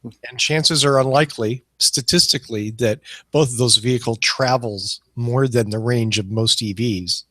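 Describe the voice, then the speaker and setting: A man's voice: medium pitch, moderate pace, bright, forceful tone, no echo. A man co-hosting a car podcast in casual banter, joking and facetious. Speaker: podcast co-host.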